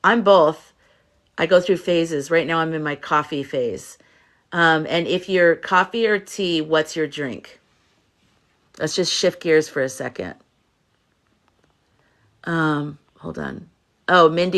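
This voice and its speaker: A tired woman from the United States hosting a casual livestream, chatting softly and reassuringly as she reads viewer comments. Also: sits low, slow, pauses often. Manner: soft, rambling, reassuring, reads chat messages aloud. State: tired from little sleep. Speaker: livestream host, spiritual reader.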